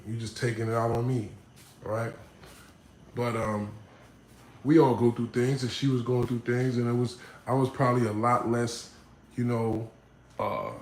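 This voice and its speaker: A man casually telling his life story, often checking in with the listener, growing animated when he acts out other people. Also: medium pitch, echoey room, slight background noise, rough recording. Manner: conversational, frequent "you know what I'm saying", animated when quoting others. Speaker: vlogger.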